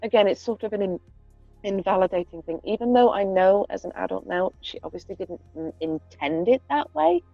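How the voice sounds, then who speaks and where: Candid gravelly woman chatting about parenting. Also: mid-range voice, expressive, brisk, dry recording, highs cut off, soft background music. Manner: candid, earnest, swears freely. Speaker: podcast co-host, parent. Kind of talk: casual chat.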